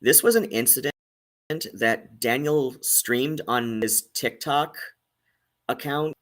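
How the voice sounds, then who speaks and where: A man's voice: mid-range voice, slow, a bit bright. A man hosting and giving casual commentary, hesitant with many fillers and restarts. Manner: hesitant, many ums and likes. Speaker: host.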